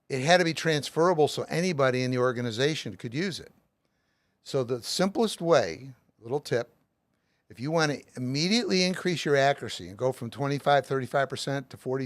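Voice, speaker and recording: A man's voice: medium pitch, no room sound. A middle-aged man as an author and guest, explaining his method with plenty of everyday examples. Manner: emphatic, uses lots of everyday examples.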